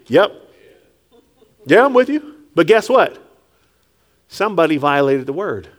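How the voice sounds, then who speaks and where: A man preaching a sermon with call-and-response, rising to shouts and dropping low, acting out scripture figures. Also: measured pace, pauses often. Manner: animated, call-and-response, rises to shouts then drops low; acts out Jesus and Peter in quiet low tones.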